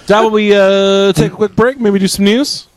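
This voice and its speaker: A man's voice: high voice, fairly even intonation, a little slow, noisy background. A man co-hosting a podcast in casual chat, a rambling, chatty storyteller. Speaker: podcast co-host.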